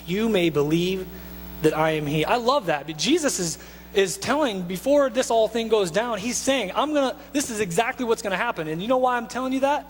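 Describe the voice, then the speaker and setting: In a church sanctuary, a high-voiced male pastor preaches in a loose, lively style, breaking off into asides and restarting quickly. The hall's reverb carries his voice, and a faint electrical hum runs underneath.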